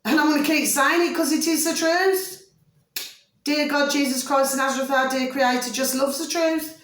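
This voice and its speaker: A chatty woman rambles to her viewers in a casual vlog, warmly fond of them and always checking that they follow. Her voice leaps up for emphasis, then drops low into muttered asides. It is recorded in a bare, echoey room. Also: steady tone, moderate pace. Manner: swings between high emphatic bursts and low muttered asides. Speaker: vlogger.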